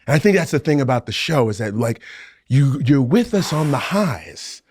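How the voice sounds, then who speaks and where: An animated man co-hosts a casual rewatch podcast and retells scenes from his own show with plenty of laughter. His voice sits at an everyday middle pitch. The sound is close and dry, with no room around it. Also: normal speed, husky, dry recording. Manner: animated storytelling, often laughing. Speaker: podcast co-host and actor looking back on his show.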